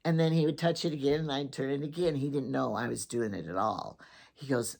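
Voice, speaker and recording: A woman's voice: very deep voice, fairly quick, creaky, darkish tone. A woman from Wyoming hosting her own casual morning show and telling rambling stories about her husband in a chatty, teasing way. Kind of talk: casual storytelling monologue.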